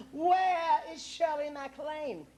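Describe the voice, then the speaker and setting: A man's voice: very high-pitched, takes it slowly, noisy background. A man playing an aging, acid-tongued female film star on stage, drawling and profane. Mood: impatient. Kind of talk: stage play acting. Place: theater stage. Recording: echoey live stage recording.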